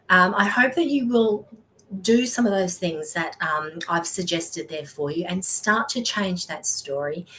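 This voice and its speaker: A woman's voice: mid-range voice, a little hiss or hum, low-quality recording. A woman hosting a live motivational talk on money mindset, coaching with encouragement and often checking in with "okay?" and "all right?". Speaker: wealth mindset coach and host.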